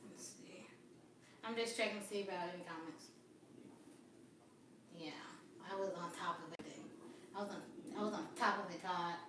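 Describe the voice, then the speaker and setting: A woman's voice: fairly low pitch, moderate pace, pauses often, noisy background. A woman hosting a casual livestream on her phone, chatting and rambling to her viewers. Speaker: livestream host. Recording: very echoey room, far from phone mic.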